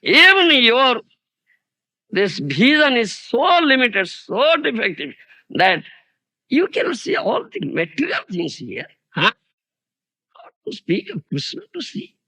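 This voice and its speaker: A man giving a religious lecture, emphatic and rhetorical, often pausing to ask "huh?". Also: sits high, vocal fry, pushed and bright, slightly rough, dry recording, rough recording. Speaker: spiritual teacher.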